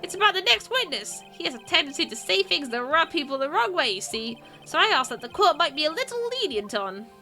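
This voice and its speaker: A woman's voice: high voice, big pitch swings, a little fast, few pauses, sharp tone, soft background music, voice pushed up, heavily acted. A woman voicing a meek, deferential middle-aged male prosecutor in a game read-through. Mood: fawning. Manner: deferential, apologetic.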